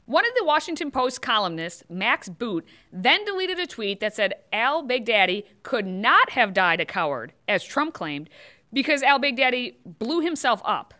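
A woman's voice: a little high, big pitch swings, moderate pace, pushed and bright. A woman hosting scripted political commentary, delivering it with sarcastic, mocking asides.

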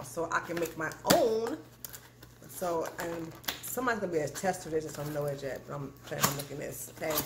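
A woman chatting casually to her viewers while unboxing in her home kitchen, animated and calling them "y'all". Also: lowish voice. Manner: animated, addresses viewers as "y'all", frequent "okay?". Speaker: cooking channel vlogger. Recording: echoey kitchen with clear background noise.

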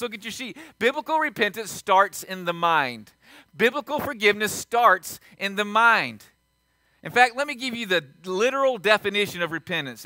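A male pastor delivers a sermon in a high, bright and forceful voice. He repeats his points for emphasis and climbs from hushed asides to shouted peaks. The sound is close and dry. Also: dry recording. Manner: emphatic, repeats lines for stress, swings from quiet to shouting.

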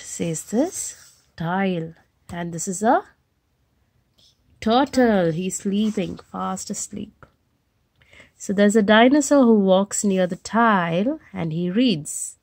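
A woman reading a picture book aloud to children, gently explaining the pictures as she goes. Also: mid-range voice, expressive, slow, gravelly, long pauses, dry recording. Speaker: storyteller.

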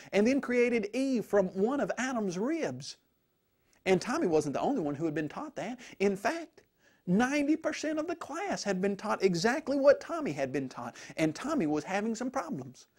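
A male preacher telling a story to make a point, with animated, emphatic delivery. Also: sits high. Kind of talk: storytelling sermon.

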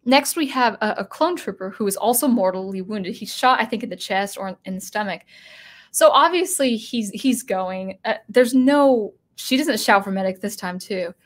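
A woman hosting a spoken commentary video, animated and given to restarts, who acts out the lines she quotes. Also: medium pitch, moderate pace.

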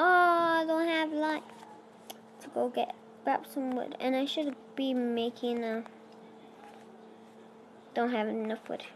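Young girl with a high voice, slow rambly game chatter, faint hum behind. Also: rough recording. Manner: rambling, self-talking while playing, non-native phrasing. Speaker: let's play creator. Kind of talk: casual gameplay commentary.

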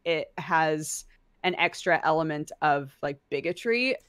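A woman's voice: low-pitched, expressive, unhurried, a crowd in the background. A woman co-hosting a podcast, chatting casually about a manga, laughing often. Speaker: podcast co-host. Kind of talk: casual book club chat.

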